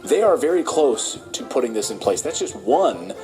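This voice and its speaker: A man's voice: medium pitch, very animated, normal speed, over music, poor audio. A man speaking as a political commentator in an urgent, warning way.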